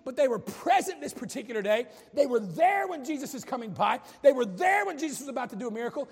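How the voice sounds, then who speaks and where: High, gravelly preacher man. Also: big pitch swings, fast, hardly any pauses, in a large hall. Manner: impassioned preaching with humorous asides. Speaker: pastor. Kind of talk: sermon.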